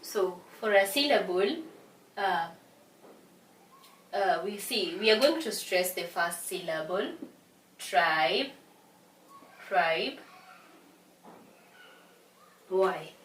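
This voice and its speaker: A tired woman from Kenya teaching an English revision lesson, speaking slowly and repeating words to stress their syllables. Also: medium pitch, animated, a bit bright. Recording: echoey room from a distance, faint hiss.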